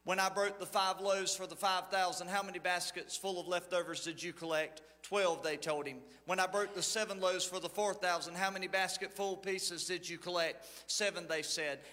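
A man's voice: high voice, fairly even intonation, normal speed, bright, forceful tone, long reverb tail. A man preaching a sermon as lead pastor, telling folksy stories and reading scripture with drama. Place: church sanctuary.

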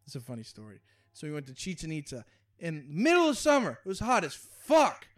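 A man's voice: a little high, huge pitch swings, fairly quick. Laid-back young man, swears a lot. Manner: laid-back, profane, laughs often. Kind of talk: casual chat.

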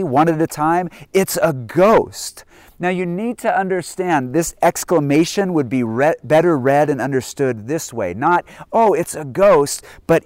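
A man preaching a sermon, reading scripture and then explaining it, sometimes hushed and sometimes loud and emphatic. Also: medium pitch, no echo. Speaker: pastor.

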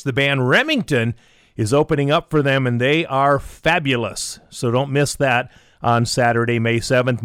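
A man's voice: medium pitch, fairly bright tone, clear, resonant tone, dry recording, clean studio sound. A man hosting a classic country radio show, reading dates and song facts in upbeat, chatty announcer patter. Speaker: radio host. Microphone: close studio microphone.

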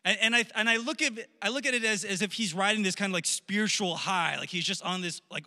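A man's voice: sits high, quick pace, few pauses, sharp tone. A man in his thirties preaching a casual youth sermon, repeating words and leaning hard on key phrases. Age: 30s. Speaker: youth pastor. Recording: long hall reverb.

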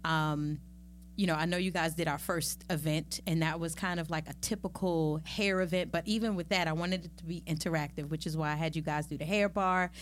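A middle-aged woman talking as a podcast guest in a casual, lively and playful way, with chatty asides. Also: low-pitched, a little fast, slight background noise. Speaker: podcast guest, magazine founder. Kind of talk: casual conversational interview.

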